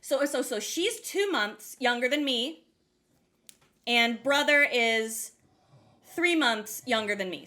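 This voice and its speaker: A young woman casually telling a story on a podcast. She is animated, swears freely, laughs mid-story and acts out quoted voices with big jumps in pitch. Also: normal speed.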